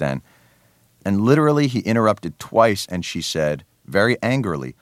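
A New Jersey man with a very deep voice is a guest on a radio interview and also hosts a comedy show. His pitch swings widely and his sardonic, animated delivery comes at a moderate pace, full of fillers and restarts as his thoughts outrun his words. The recording is close and dry, like a studio mic.

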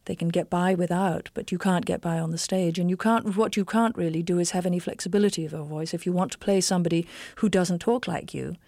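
An English stage actress answering interview questions in an articulate, emphatic, opinionated way. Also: female voice, fairly low pitch, fairly even intonation, fast, creaky, few pauses, darkish tone, no echo, studio quality. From England.

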